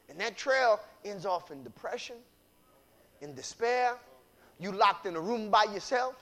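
A man preaching a sermon with call-and-response phrases, repeating lines and building into shouts. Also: high voice, lively intonation, normal speed.

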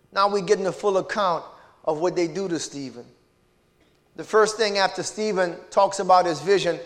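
High-voiced preaching pastor, man. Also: big-room sound. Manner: call-and-response preaching with frequent hallelujahs and amens. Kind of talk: sermon. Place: church sanctuary.

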